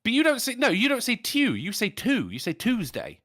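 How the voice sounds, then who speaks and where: A man's voice: extremely high pitch, wildly swooping pitch, fast, fairly bright tone. A British man co-hosting a casual podcast chat, swearing and laughing often as he talks. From Britain. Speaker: podcast co-host.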